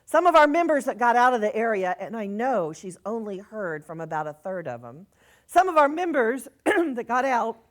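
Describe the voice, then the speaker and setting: A middle-aged woman minister giving an earnest sermon, reading messages aloud and softly repeating reassuring phrases. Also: medium pitch.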